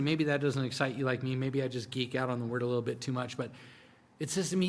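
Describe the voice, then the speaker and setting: A man preaching a sermon in a conversational style, swinging between hushed, drawn-out lines and emphatic bursts. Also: medium pitch. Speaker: pastor. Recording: long hall reverb.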